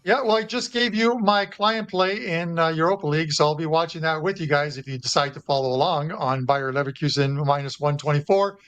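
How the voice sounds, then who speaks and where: Man, guest handicapper, chatty betting analysis, slightly high pitch, dry sound. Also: fairly bright tone, dry recording. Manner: chatty, with frequent uh fillers and restarts.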